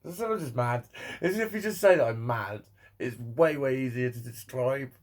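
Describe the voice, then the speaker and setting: A man's voice: mid-range voice, animated, normal speed. A young man chatting casually to camera, rambling and swearing, laughing often between thoughts. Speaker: vlogger.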